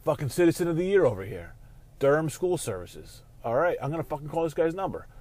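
A man hosting a casual sports talk show from his car while driving, ranting and swearing, quick to flare into angry outbursts. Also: fairly high pitch, sing-song, a little mellow. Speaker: show host.

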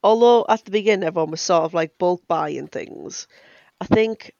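Chatty woman with gravelly voice. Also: fairly low pitch, normal speed, darkish tone, dry recording, highs cut off. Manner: chatty storyteller, sassy. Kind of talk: casual chat.

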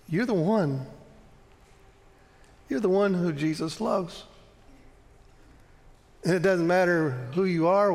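A man preaching a sermon in church as pastor, earnest and emphatic, often slowing down and dropping to a soft hush. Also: high voice, in a large hall.

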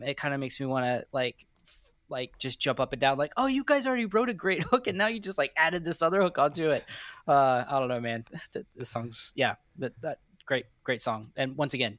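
Man, co-host, casual music chat, excitable, halting, mid pitch. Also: dry recording, clean studio sound. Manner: excitable, stumbling over words. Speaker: podcast co-host.

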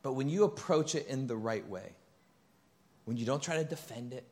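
Male pastor, sermon in church, conversational, animated delivery that climbs in pitch and volume. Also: moderate pace. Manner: animated, rising loud and high when excited; conversational, acts out quoted dialogue.

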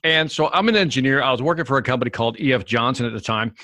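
A man telling stories as a guest in an interview, animated and acting out the people in them. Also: mid-range voice, rapid-fire, no echo, clean studio sound. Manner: animated storyteller, acts out the people in his stories. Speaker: guest, sales expert. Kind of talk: storytelling in a podcast interview.

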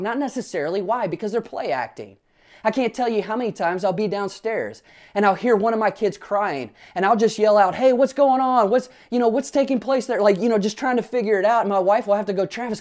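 A man's voice: high-pitched, darkish tone. Earnest man preaching a sermon. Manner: earnest preaching with frequent rhetorical questions; illustrates points with personal family stories. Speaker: pastor.

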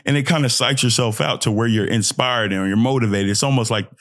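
A young man, a pro basketball player, talking casually and motivationally about mindset, breaking into high-pitched joking voices. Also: a little fast, no echo, clean studio sound. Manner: animated, swings into high joking voices and trash talk.

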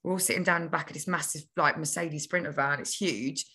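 A young woman, a podcast guest telling stories from her childhood in a lively, chatty way. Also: deep voice, quick pace, slightly rough. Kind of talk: casual storytelling.

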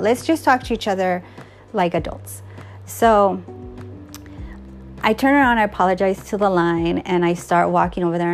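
A woman's voice: mid-range voice, vocal fry, darkish tone. A woman casually retelling a personal story, acting out the dialogue and laughing now and then.

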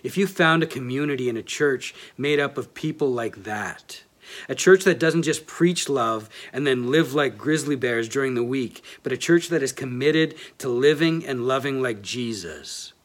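A man gives a sermon in a relaxed, self-deprecating way. His voice sits at an ordinary middle pitch. He reads passages aloud from scripture and from a book. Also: normal speed.

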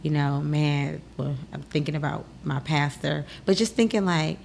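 Young woman podcaster, low voice with some fry, chatty and animated, little bit of hiss behind her. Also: moderate pace. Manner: animated, acts out the voices of people in her story. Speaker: podcast host. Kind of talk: casual personal storytelling.

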